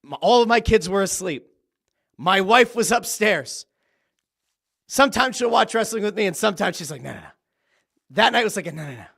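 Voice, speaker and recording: Male podcast host, fairly high voice, very lively delivery, excitable storyteller who swears casually. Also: moderate pace, creaky. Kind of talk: solo wrestling commentary podcast.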